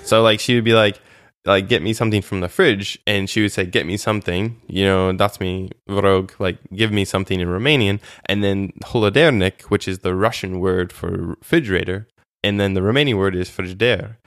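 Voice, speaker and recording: A man with a low, smooth, resonant voice recounts his volunteer years in a relaxed interview. He talks in a chatty, animated way, full of fillers and restarts. The sound is dry and close, with no room around it. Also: fairly quick, dry recording. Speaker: interview guest, former volunteer. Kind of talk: casual conversational interview.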